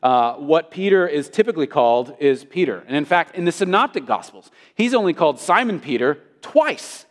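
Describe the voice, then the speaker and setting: A man's voice: on the high side, sing-song, moderate pace, few pauses. A male pastor preaching a sermon, earnest, often repeating words as he restarts a phrase. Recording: long reverb of a hall.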